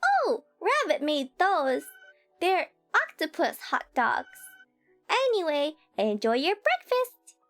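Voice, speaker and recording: Woman doing a gentle doting bear cook. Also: very high-pitched, sing-song, slow pace, soft background music, pitched above the performer's own voice, heavily acted.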